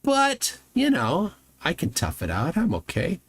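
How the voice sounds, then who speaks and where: A man hosting a casual reaction show, sarcastic and quick to laugh loudly at what he watches. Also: a little high, huge pitch swings, breathy edge, no echo. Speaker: host reacting to videos. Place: home room with a fan running.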